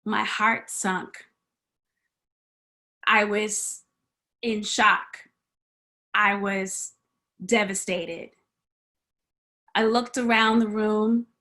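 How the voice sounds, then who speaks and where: In the church sanctuary, a guest preacher tells her sermon as a personal story, voicing the people in it with drama and sinking into whispers. Her mid-range voice is steady, bright and forceful, with drawn-out words and long pauses.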